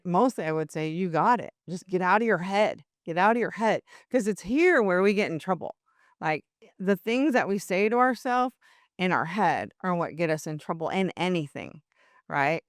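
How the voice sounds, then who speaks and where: An older woman, a podcast guest, chatting casually and telling animated stories, acting out other people's voices and laughing often. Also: fairly low pitch, clean tone, no room sound, clean studio sound. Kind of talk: casual interview talk.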